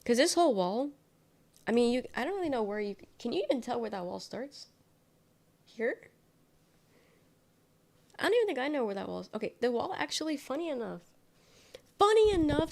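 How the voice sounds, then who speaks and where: A woman's voice: a little high, creaky, darkish tone. Sick, nasal young woman rambling. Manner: rambling, trailing off, self-correcting. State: sick, congested. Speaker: livestreamer. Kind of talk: casual chat. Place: her bedroom with bare walls.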